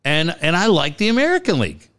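A man's voice: fairly high pitch, fast, clean tone. A man co-hosting a casual sports talk show, joking and swearing freely. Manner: animated, profane, joking. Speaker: co-host. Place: garage studio.

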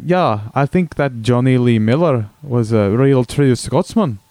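A man's voice: mid-range voice, animated, a little slow, warm tone, no echo. A blustering, crude Scotsman with a thick put-on Scottish accent, as a man hams it up. He rambles on over a call with a dry, close sound. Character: crude stereotypical Scotsman cousin, gruff. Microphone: phone call.

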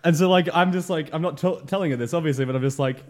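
A man's voice: fairly high pitch, rapid-fire, a crowd in the background. A young man telling a story in casual chat, laughing often and using many fillers. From Australia.

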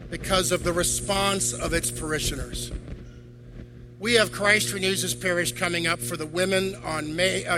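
A man's voice: high-pitched, rough recording. An older man, a deacon, preaching a sermon to a congregation, firing off rhetorical questions. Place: church.

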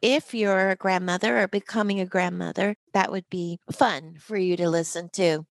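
A woman's voice: lowish voice, fairly even intonation, moderate pace, creaky, no room sound. An older woman co-hosting a podcast, telling stories in a casual, enthusiastic chat. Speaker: podcast co-host.

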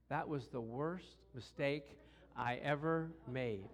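A middle-aged man preaching a sermon through personal stories, acting out voices with shouts and growls. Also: mid-range voice, takes it slowly. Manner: animated, acts out quotes with shouts and growls. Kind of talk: storytelling sermon.

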